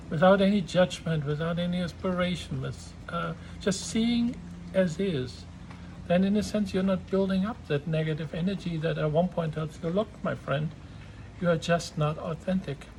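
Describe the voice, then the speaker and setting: A man gives an unscripted spiritual talk in a slightly high voice. He speaks very slowly and haltingly, with frequent fillers and pauses. A faint hiss of noise sits under the recording. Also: poor audio. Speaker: spiritual teacher.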